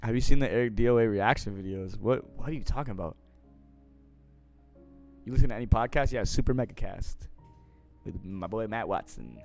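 A man's voice: lowish voice, fairly quick, vocal fry, long pauses, faint music behind. Slangy young man chatting on stream. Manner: slangy and profane, swinging between mumbled asides and loud excited bursts. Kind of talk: casual live-stream chat, reading out viewer questions.

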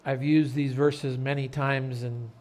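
A man pastor preaching an earnest sermon in a church, turning loud and dramatic when telling a story. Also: medium pitch, little pitch movement, unhurried. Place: church sanctuary.

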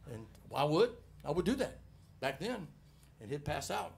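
A middle-aged man with a Southern US accent preaching a sermon in church, folksy and animated, moving between loud exhortation and quiet asides to the congregation. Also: high-pitched, normal speed, vocal fry. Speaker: pastor. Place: church sanctuary.

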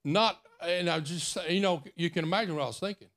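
A man's voice: high voice, brisk, fairly bright tone. A man preaching a sermon, telling a personal story in a folksy, intimate way. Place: church.

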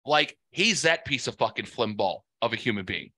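A man's voice: medium pitch, lively intonation, normal speed, bright, forceful tone, dry recording. A man hosting a podcast, ranting angrily and cursing constantly in casual chat. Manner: profane angry ranting. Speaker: podcast host.

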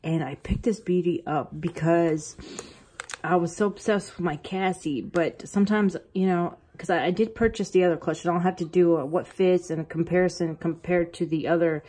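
A woman vlogging an unboxing from her bathroom at home, excitable and gushing, rambling as she talks. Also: fairly low pitch, moderate pace. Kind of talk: casual unboxing vlog.

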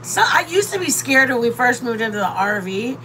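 Woman, from Michigan, high voice, rambling, chatty, laughs often, casual cooking stream. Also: sing-song, fairly quick, bright, forceful tone, a little hiss or hum, low-quality recording. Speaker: vlogger cooking with her partner. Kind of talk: casual live-stream chat. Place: RV campsite during a rainstorm.

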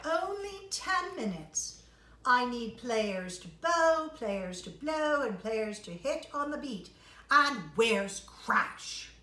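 A woman voicing a grumpy, bossy male penguin conductor who snaps loudly at his orchestra. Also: mid-range voice, wildly swooping pitch, very slow, hardly any pauses, exaggerated voice. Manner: loud, snapping, impatient. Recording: roomy, distant mic.

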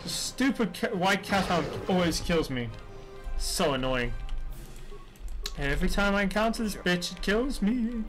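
A man's voice: high voice, expressive, measured pace, music in the background. A man commenting casually on a game he is playing as a streamer, chatty, swearing often and talking back at the screen.

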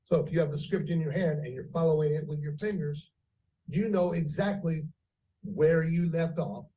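Mellow male trainer, heard from afar. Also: distant mic, rough recording. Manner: deliberate, playing with pitch and pace for effect. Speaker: sales trainer. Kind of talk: training lecture.

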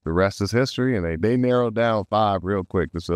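A man guesting on an interview, telling stories in a lively way, often laughing and acting out quotes. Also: fairly low pitch, fairly quick, no echo. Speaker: voice actor guest. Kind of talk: casual interview storytelling.

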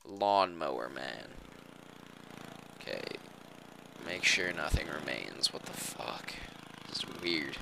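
A man giving loud, goofy running commentary over a video game, swinging between squeals and low mutters. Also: lively intonation, slow, gravelly, very noisy. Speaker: gaming let's-player. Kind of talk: loud comedic gameplay commentary.

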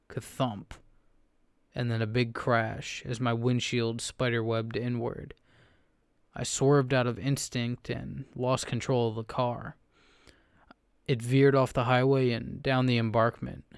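A man narrating a first-person horror story in a steady, low storytelling delivery. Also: creaky, clean tone, no room sound, studio quality.

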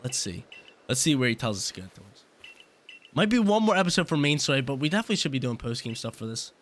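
A man's voice: mid-range voice, sing-song, fast. A young man casually commentating his gameplay as a channel host, laid-back and slangy, often repeating himself.

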